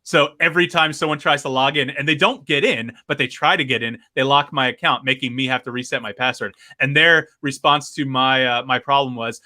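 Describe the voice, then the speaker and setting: A man's voice: medium pitch, steady tone, a little fast, hardly any pauses, pushed and bright. A man on a podcast telling a long complaint story, acting out both sides of a phone call. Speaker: podcast host. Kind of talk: casual podcast chat.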